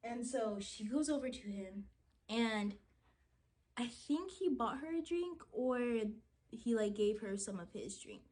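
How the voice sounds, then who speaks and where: Animated young woman telling a story. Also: a little high, a little slow. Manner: animated, dramatic retelling with many "like"s. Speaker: vlogger. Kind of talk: storytime chat while getting ready.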